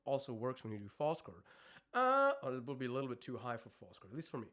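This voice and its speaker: A man coaching singers on a live stream. He talks haltingly, searches for words, and breaks off to demonstrate screams and vocal sounds. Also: medium pitch, huge pitch swings, a bit bright.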